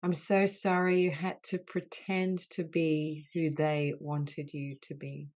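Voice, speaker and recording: A woman leading a guided healing session on an online group call, speaking in slow, soothing, repeated phrases. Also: sits low, flat delivery, a little mellow.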